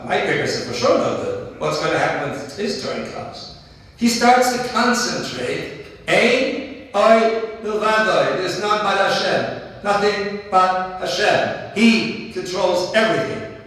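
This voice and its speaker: A man's voice: sits high, a bit bright. A middle-aged man giving a speech at a dinner. He tells personal stories earnestly and repeats key phrases for emphasis. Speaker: dinner speaker. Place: large banquet hall. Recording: echoey hall, voice from far off.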